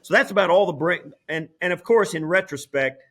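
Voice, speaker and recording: A middle-aged man, a former player turned broadcaster, telling a story as an interview guest in an animated way, with frequent restarts. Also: high-pitched, a little fast. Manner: animated, lively, full of restarts. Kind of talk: casual storytelling.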